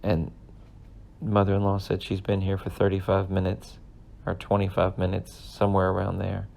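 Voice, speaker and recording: A man's voice: deep voice, completely flat delivery, moderate pace, creaky, darkish tone. A man in his thirties, a podcast host, telling an earnest, rambling personal story in a casual way. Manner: rambling, earnest, emotional at times.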